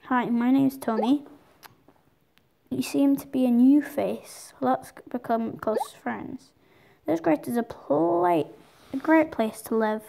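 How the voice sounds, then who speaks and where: Friendly young male dog, as a woman reads him out; halting read, a little high, background hiss. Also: vocal fry, exaggerated voice. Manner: reads game dialogue aloud, halting.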